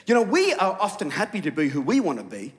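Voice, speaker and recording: High-voiced man preaching in a reverberant hall. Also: huge pitch swings, quick pace. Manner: humorous, self-mocking storytelling. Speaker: pastor. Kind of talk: sermon. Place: church auditorium.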